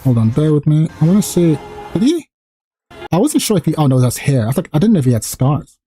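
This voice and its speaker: A man streaming a casual reaction to a game trailer, excited and profane, rising higher and louder as he gets hyped. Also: fast talker, breathy edge, faint music behind.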